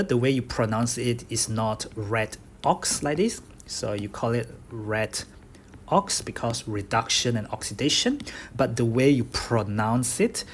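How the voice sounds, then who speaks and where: A man's voice: medium pitch, a little hiss or hum. Man giving a step-by-step chemistry lecture. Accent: Bruneian. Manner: explains step by step, repeats key points, says "okay?" often. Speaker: chemistry tutor. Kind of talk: recorded lecture over slides.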